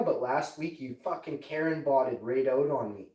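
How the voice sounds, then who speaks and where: A man's voice: mid-range voice, normal speed, few pauses, mellow, roomy sound, distant mic, low-quality recording. A man in his forties streaming live and chatting with an AI assistant in a profane, rambling, mocking way. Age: 40s. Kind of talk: casual chat with an AI assistant.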